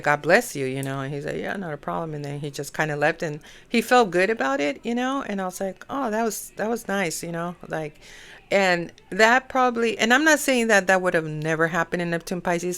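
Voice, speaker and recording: A woman's voice: low-pitched, fairly bright tone, smooth. A middle-aged woman hosting an astrology podcast, chatting in a rambling way full of "you know" fillers. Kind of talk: rambling casual monologue.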